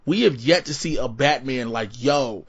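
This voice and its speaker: A man hosting a podcast in casual chat, brash and joking, an animated storyteller. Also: medium pitch, moderate pace, breathy edge. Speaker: podcast host. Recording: dull, muffled podcast audio.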